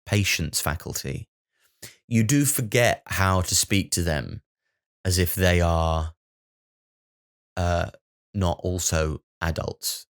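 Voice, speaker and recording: A comedian with a deep, smooth voice hosts his own podcast, rambling through a comic monologue that's full of swearing and self-mockery.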